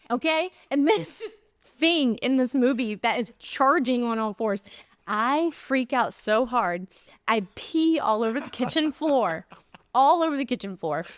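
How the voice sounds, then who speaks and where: A young adult woman, an actress guest, telling funny stories in an animated way, often laughing, in a casual interview. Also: a little high, no room sound, studio quality.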